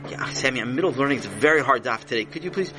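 A man's voice: mid-range voice, lively intonation, very fast, lightly acted. Man playing a distracted dad, absent-minded and mumbly, slight noise behind. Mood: busy. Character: distracted middle-aged father, busy and mild.

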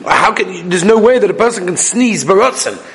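High-voiced man chanting a Talmud lesson. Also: expressive, brisk, a bit bright. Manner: singsong study chant, mixing Hebrew and English. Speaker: Talmud teacher. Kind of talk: Talmud class lecture.

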